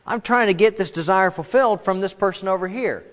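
A man's voice: a little fast, a bit bright. Middle-aged guy preaching a sermon, chatty, does little voices for quotes, big echoey hall. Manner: conversational preaching, acts out quoted voices with big pitch jumps. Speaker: pastor. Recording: long reverb of a large hall.

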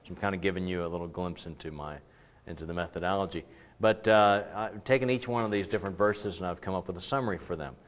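A man preaching a sermon in a church, talking with the congregation, asking them questions and swinging between loud and quiet delivery. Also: low-pitched, quick pace. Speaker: pastor.

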